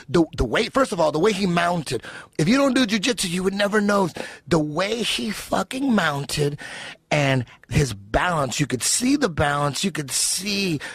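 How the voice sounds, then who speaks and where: A man hosting a podcast, telling an excited, profane story in casual chat. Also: sits high, slightly rough, dry recording, studio quality. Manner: excited, profane, acts out quoted voices. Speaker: podcast host.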